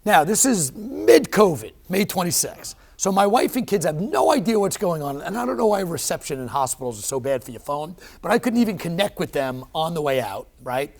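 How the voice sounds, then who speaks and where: Animated, emphatic middle-aged man telling a story. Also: on the high side, fairly quick, gravelly, hardly any pauses. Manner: animated, emphatic, with many fillers and restarts. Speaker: interview guest. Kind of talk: personal storytelling in a conversation.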